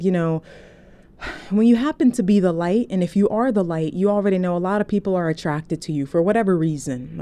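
A woman telling a casual story to her phone, chatty and animated, often checking in with "okay?". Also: mid-range voice. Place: indoors, recording on a phone.

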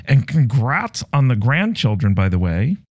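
A man's voice: mid-range voice, sing-song, measured pace, dry recording. Male host, friendly, mid-range voice, dry close sound. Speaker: interviewer host. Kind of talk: casual interview chat.

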